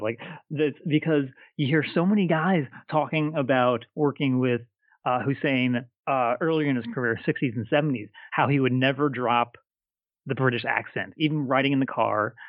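A man's voice: mid-range voice, no room sound, phone-quality sound. A man co-hosting a casual podcast, telling stories in a chatty way, often stumbling and repeating words. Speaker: podcast co-host. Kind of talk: casual podcast chat about wrestling history.

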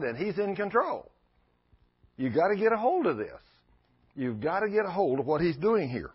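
A man with a husky, slightly breathy voice preaching in a folksy, storytelling way, jumping into lively voices for the people in his tales. The recording is dull and lo-fi, like an old church tape. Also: on the high side. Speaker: pastor. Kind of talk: sermon.

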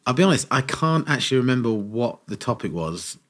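A man co-hosting a podcast, telling a funny story in a casual, animated way and acting out quotes. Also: mid-range voice, brisk. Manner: animated anecdote teller, acts out quotes.

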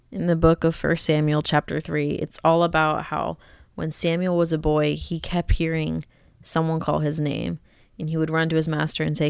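A woman's voice: deep voice, monotone, normal speed, vocal fry, smooth, dry recording, clean studio sound. A young woman hosting a faith podcast, talking in an earnest, conversational, encouraging way. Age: young adult. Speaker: podcast host.

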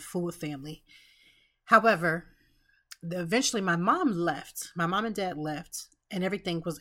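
A woman's voice: on the low side, fairly bright tone. Earnest woman telling a personal story. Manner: earnest, emotional, with many restarts and asides. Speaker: podcast host.

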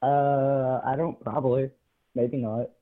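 A man's voice: mid-range voice, flat delivery. Hesitant male caller on a phone line. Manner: hesitant, halting, full of ums. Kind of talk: phoned-in call.

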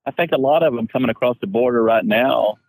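A man in a casual chat, blunt and wry, with drawn-out phrasing. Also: mid-range voice, darkish tone, no room sound, rough recording.

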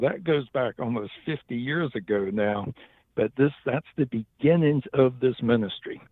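A man's voice: medium pitch, dry recording. Earnest Southern man on a phone line. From western North Carolina. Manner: earnest, laughs easily. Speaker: guest, ministry director. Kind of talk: casual interview talk.

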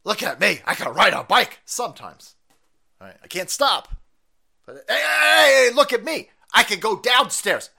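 Man doing a parody of a stubborn elderly male politician; strained, high, blustering, repeats himself. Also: very animated, moderate pace, creaky, bright, forceful tone, breathy edge, exaggerated voice. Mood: insistent.

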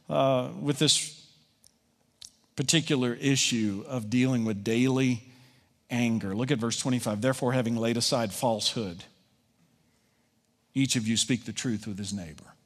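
A man's voice: medium pitch, normal speed, pauses often, in a large hall. A pastor preaching a conversational sermon, voicing his listeners' objections and answering them.

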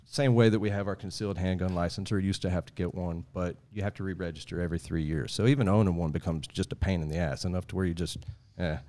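Podcast guest, low voice, rambling folksy storyteller. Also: male voice, steady tone, fast talker, few pauses, mellow. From Texas. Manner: rambling, folksy, chuckling asides. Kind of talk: casual storytelling.

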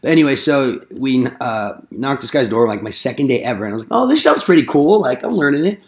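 Talking fast with lively intonation and a mid-range pitch, a young man shares door-knocking stories in relaxed podcast chat. His rambling delivery is loaded with slang and cursing, and he performs the voices of those he quotes.

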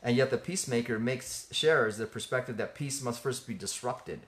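Earnest man teaching in halting speech. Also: mid-range voice. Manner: earnest, halting, with many fillers and restarts. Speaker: ministry co-host. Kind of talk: conversational faith teaching.

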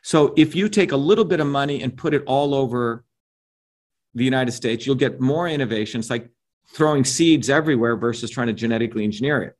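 A man's voice: mid-range voice, fairly quick. A middle-aged man giving an interview as a guest, talking in an emphatic, lecturing way and often checking in with "right?" and "you see?". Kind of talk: animated opinionated interview talk.

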